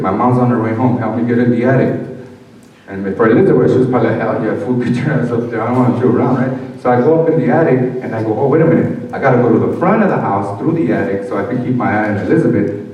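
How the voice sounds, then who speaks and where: A man's voice: mid-range voice, a little mellow. A middle-aged man gives a personal testimony to an audience, acting out the voices of people from his past as he tells the story. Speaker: speaker sharing his life story. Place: large hall at a summit. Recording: echoey hall, from far off.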